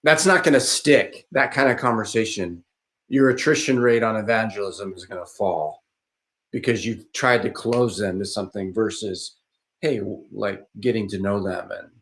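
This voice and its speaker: A man talking casually on a podcast, rambling with frequent restarts and fillers, and turning animated when he mimics other people. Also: on the low side, moderate pace. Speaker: podcast speaker. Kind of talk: casual conversational podcast talk.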